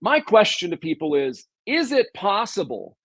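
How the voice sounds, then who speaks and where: A man's voice: high voice, sing-song, moderate pace, a bit bright, breathy edge, no room sound. A man from southwest Missouri, a podcast guest, emphatically explaining sales scripts with examples and questions to the host. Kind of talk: casual interview talk.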